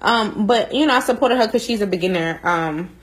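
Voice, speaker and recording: A woman chats casually on a podcast, mid-pitched. She tells stories bluntly and teases freely. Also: fairly quick, rough recording. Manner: blunt, storytelling, teasing. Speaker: podcast co-host. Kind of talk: casual chat.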